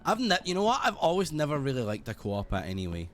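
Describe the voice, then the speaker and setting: A British man streaming a game, chatting casually in a rambling, sweary, animated way. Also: on the high side, fast, faint music behind. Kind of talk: casual gaming stream chat.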